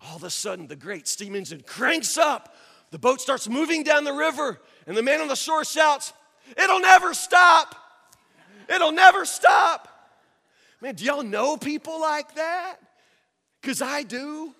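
A man preaching a sermon as pastor, swinging from quiet asides to loud rising peaks. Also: extremely high pitch, expressive, moderate pace, creaky. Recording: long hall reverb.

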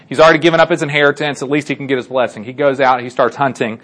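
A man's voice: mid-range voice, level tone, very fast, few pauses. A man casually retelling a Bible story to a group, chatty, with many fillers and check-ins. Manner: chatty, lots of fillers and restarts, asks listeners for agreement. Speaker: Bible teacher.

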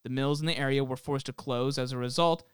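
A man's voice: medium pitch, steady tone, fast talker, smooth, no echo, studio quality. A young man co-hosting a podcast from home, reading a story from notes with jokey asides. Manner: reads steadily, breaks into laughing jokes. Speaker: podcast co-host presenting the story. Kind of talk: reading researched notes with banter. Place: home, self-isolating.

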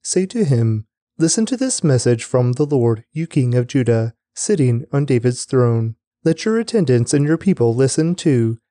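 A man giving a scripted scripture reading in a steady, measured way. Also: medium pitch, no echo. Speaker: scripture reader.

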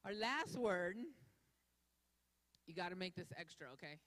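Leading a church audience in an echoey hall, a woman with a lowish, fairly bright voice and lively intonation delivers an interactive sermon at an unhurried pace. She's playful and draws answers from the crowd.

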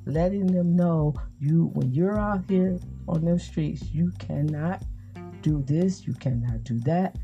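Woman, low dark voice, earnest rambling monologue, lo-fi sound with faint guitar music. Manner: earnest, rambling, many fillers and restarts. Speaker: commentator. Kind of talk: casual political monologue.

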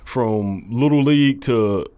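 A young man, a college football coach, telling his faith story in a halting, earnest way full of restarts. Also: medium pitch, mellow, clear, resonant tone, no room sound. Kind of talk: casual testimony interview.

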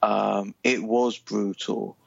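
A man's voice: fairly low pitch, level tone, takes it slowly, creaky, no room sound, muffled recording. A man co-hosting a podcast in casual chat, enthusiastic and rambling, with lots of fillers. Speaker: podcast co-host.

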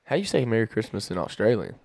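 A man's voice: on the low side, sing-song, very fast, gravelly, a little mellow. A man co-hosting a podcast, laid-back with dry quips in casual chat. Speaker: podcast co-host.

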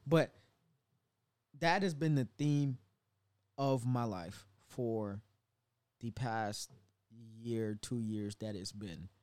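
A man's voice: medium pitch, extremely slow, long pauses, a little mellow. A man co-hosting a casual faith podcast, reflective with playful asides, acting out his own inner dialogue. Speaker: podcast co-host.

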